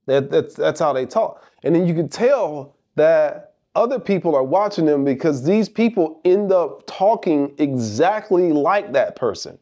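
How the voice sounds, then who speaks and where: A man's voice: on the high side, animated, measured pace, few pauses, mellow. A middle-aged man giving a motivational monologue, emphatic and rhetorical, repeating phrases for effect. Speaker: motivational speaker.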